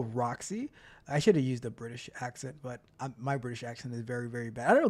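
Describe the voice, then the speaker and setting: A man's voice: mid-range voice, animated, normal speed. A man hosting a casual tech livestream, chatty and upbeat, often repeating himself as he reads the chat. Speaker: livestream host and tech coach.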